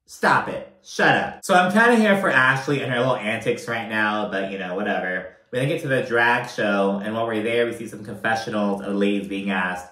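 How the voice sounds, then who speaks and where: A man giving a casual, profanity-laced reality TV recap, animated and full of filler like "you know what I mean.". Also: lowish voice, fairly quick, few pauses. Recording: roomy echo.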